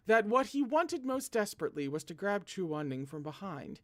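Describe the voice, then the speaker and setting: A man with a higher-pitched voice hosts a read-along of a novel. His narration is animated, and he keeps breaking off to joke, laugh and comment before returning to the page. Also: normal speed, few pauses. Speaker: host reading a novel aloud.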